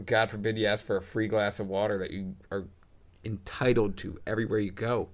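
A young man co-hosting a casual chat, rambling through animated stories with swearing. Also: on the low side, a little fast. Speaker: podcast co-host.

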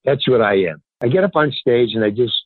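An older man, a stand-up comedian, spins anecdotes in a lively, swooping delivery with a husky edge. He slips into other people's voices as he tells them. The sound is dry and thin, like a phone line. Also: medium pitch, brisk, no echo. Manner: animated, acts out other people's lines in raised voices. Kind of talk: casual anecdotal storytelling in an interview.

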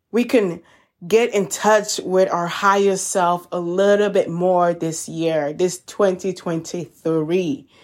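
A woman hosting a self-help podcast, talking in a gentle, encouraging way and calling her listeners y'all. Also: fairly low pitch. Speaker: podcast host. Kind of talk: reflective self-help talk.

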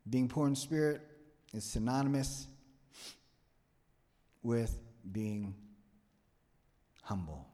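A man preaching a sermon as pastor, talking in a conversational, joking way that swings from hushed asides to loud pleading. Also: mid-range voice, takes it slowly, pauses often. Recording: reverberant hall.

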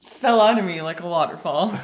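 A young woman chatting casually, often chiming in with a giggle. Her voice is somewhat low, and the room gives back a clear echo. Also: moderate pace. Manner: giggly, chiming in, frequent "like" fillers. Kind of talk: casual chat. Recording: echoey room.

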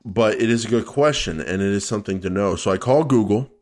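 A man's voice: on the low side, fast, darkish tone. A man co-hosting a casual podcast, answering a listener's question in a loose, playful, rambling way. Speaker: podcast co-host.

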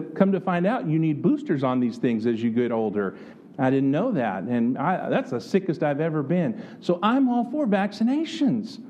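Male preacher from the United States; earnest, conversational sermon, warm low-edged tone, slightly high pitch. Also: dull audio. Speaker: pastor.

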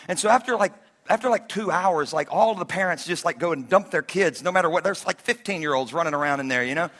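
A man in his forties preaching a sermon, telling personal stories with animated swings between shouts and hushed asides, joking with the congregation. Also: a little high, fast talker. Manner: jokey and conversational with the congregation.

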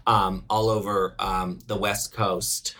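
Bright, chatty male podcast host. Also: sits low, little pitch movement, takes it slowly. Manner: chatty, laughs often, playful teasing. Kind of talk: casual chat.

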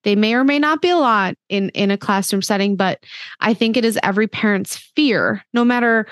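A woman's voice: medium pitch, brisk, no room sound, clean studio sound. A woman in her thirties hosting a podcast, talking in a casual, earnest, chatty way with lots of "like" fillers. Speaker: podcast host.

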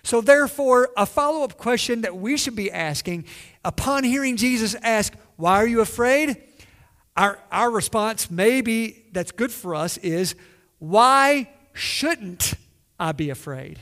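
A man's voice: very high-pitched, measured pace, a bit bright. A man preaching a sermon in a conversational way, asking the listeners questions and acting out quoted lines. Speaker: pastor.

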